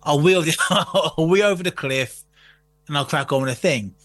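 A man's voice: a little high, normal speed, a bit bright, soft background music. A man telling a long sweary anecdote in casual conversation, laughing often. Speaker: podcast guest. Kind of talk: casual storytelling chat.

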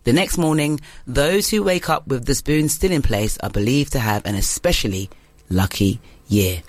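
A woman's voice: extremely low pitch, normal speed, no room sound. A woman hosting a casual quiz among friends, chatty and giggly, often laughing at her own slips. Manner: giggly, chatty, self-deprecating. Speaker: quiz host. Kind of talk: casual game-show chat.

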